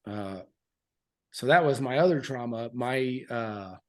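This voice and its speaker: Male veteran guest, 30s, mid pitch, frank and earnest, casual and halting. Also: expressive. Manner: frank and earnest, with loose fillers and restarts. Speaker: podcast guest, military veteran. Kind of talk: candid interview storytelling.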